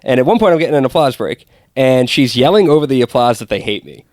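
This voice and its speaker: A man from Boston, a guest comedian, telling stories on a casual podcast in a rambling, deadpan way with lots of fillers. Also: mid-range voice, fast, dry recording, studio quality.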